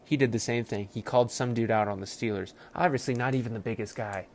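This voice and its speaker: A man hosts a casual football podcast, rambling loosely, cursing freely and slipping into animated asides where he imitates players' voices. He talks quickly at medium pitch, with slight hiss or hum in the recording.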